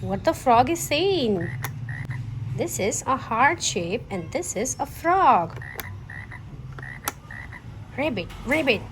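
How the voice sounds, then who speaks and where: A young woman teaching toddlers, asking questions in a slow singsong way. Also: high voice, very animated, background noise. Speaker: children's teacher.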